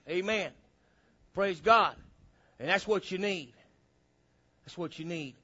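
A man preaching a sermon, animated, acting out little dialogues, on a dull lo-fi recording. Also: high voice, takes it slowly, pauses often, husky. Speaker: pastor.

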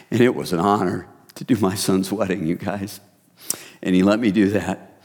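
A middle-aged man preaching a sermon as pastor, in a relaxed, conversational way that speaks to listeners as "you guys". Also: low-pitched, measured pace, husky. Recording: reverberant hall.

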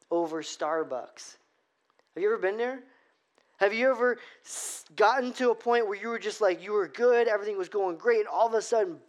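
A man who is a pastor, preaching a sermon with storytelling and emphatic, slowed phrasing. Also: on the high side. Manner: storytelling with acted-out irritation, emphatic slow phrasing.

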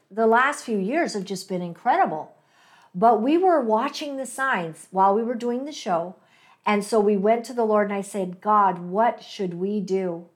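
A woman from Canada hosting a talk show, telling a personal story in a chatty way with many fillers and asides. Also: medium pitch. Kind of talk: casual faith-based commentary.

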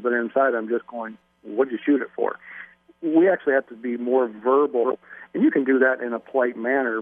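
A man speaks in a folksy, measured way, stopping for ums as he explains. His voice comes through a thin, tinny phone line. The sound is dry and close. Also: mid-range voice, no echo. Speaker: radio show guest, deer expert. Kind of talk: casual radio interview.

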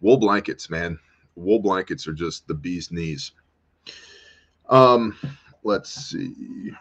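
A man's voice: low voice, slow pace, a bit bright. An American man hosting a livestream, chatting casually, joking around and answering viewer comments. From United States. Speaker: host. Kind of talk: casual livestream talk reading chat.

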